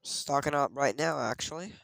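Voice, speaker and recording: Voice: medium pitch, normal speed, gravelly, a bit bright, no echo, studio quality, faint music behind. A streamer chatting casually over gameplay, muttering item names in sing-song repeats and talking to themself.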